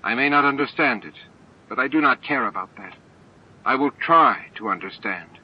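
A man's voice: mid-range voice, animated, normal speed, slightly rough, pitched above the performer's own voice. A man reading an earnest, torn-up man. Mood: resolute. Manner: blunt, emotional, struggling. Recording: dull lo-fi homemade audiobook.

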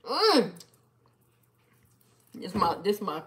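A woman chatting casually on a live stream, playful and animated as she talks back to her viewers. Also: fairly high pitch, measured pace. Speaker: live-stream host reading viewer comments.

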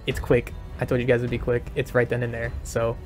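A man giving a casual channel update as a gaming video maker, hesitant and repeating himself, calling his own voice monotone. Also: mid-range voice, a little fast, soft background music. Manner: hesitant, repeats words, says he sounds monotone. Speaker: gaming YouTuber.

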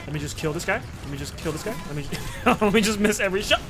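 A young man giving excitable, swearing, self-mocking commentary while he plays a game. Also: high-pitched, very fast, music in the background. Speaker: gamer. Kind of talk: casual gameplay commentary.

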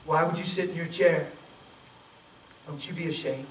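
A man preaching a sermon, telling a story and acting out the voices in it, then softly pleading with people to come forward. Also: fairly high pitch, fairly even intonation, normal speed. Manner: storytelling, acts out quoted voices, urgent then soft pleading. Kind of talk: sermon with altar call. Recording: echoey, from far off, faint noise.

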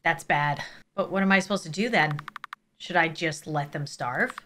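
A woman voicing a lonely young girl who talks herself quietly and uneasily through daily chores, reading game dialogue aloud. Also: low-pitched, normal speed, slight background noise, pitched below the performer's own voice. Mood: uneasy. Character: lonely young girl caring for monsters alone.

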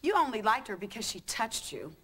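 An actress playing a sharp, sarcastic ad executive in a sitcom. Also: female voice, fairly high pitch, sing-song, brisk, background noise. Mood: dry. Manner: dry, scolding, sarcastic. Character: sharp, principled woman ad executive. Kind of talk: sitcom acting.

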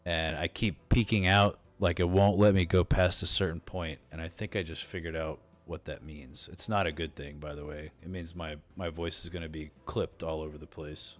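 This is a man with a very low, deep voice, talking loosely on a home-recorded discussion podcast. He circles around his points with fillers and restarts, and faint music sits behind him. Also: steady tone, normal speed, hardly any pauses. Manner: rambling, filler-heavy, many restarts. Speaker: podcast host. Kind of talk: casual chat. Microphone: desktop mic through streaming software.

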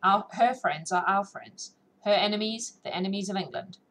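A woman's voice: mid-range voice, normal speed, fairly bright tone, slight background noise, close to an everyday voice, poor audio. A woman reading the part of a courtly adult male prince in a classic novel audiobook, with a formal, drawling manner. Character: gracious, teasing adult male royal prince.

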